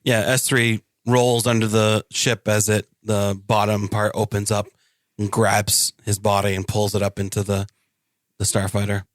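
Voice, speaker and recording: A man's voice: on the low side, little pitch movement, a little slow, no echo, clean studio sound. A man playing a tabletop game, loosely describing his droid character's actions. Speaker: player.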